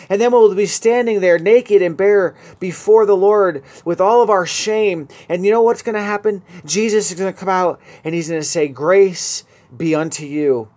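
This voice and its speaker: Earnest radio preacher, man, slightly high voice. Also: darkish tone. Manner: earnest, rising to emphatic peaks. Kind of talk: sermon.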